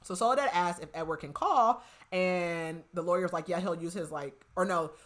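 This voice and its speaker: A young woman hosting a podcast gives a casual book recap, retelling a novel's plot with quoted lines. She's chatty, says "like" constantly, and her voice is on the low side and a bit bright at a moderate pace.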